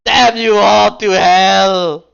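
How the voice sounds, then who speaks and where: A man's voice: mid-range voice, little pitch movement, fairly quick, bright, forceful tone, clean tone, dull audio, lightly acted. A man playing melodramatic wailing agent Rook. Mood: anguished. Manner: over-the-top wailing, sarcastic.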